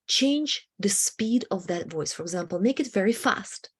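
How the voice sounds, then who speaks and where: Husky-voiced woman teaching self-help. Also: mid-range voice, lively intonation. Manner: halting, many fillers, drops into whispered asides. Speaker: emotional wellbeing coach.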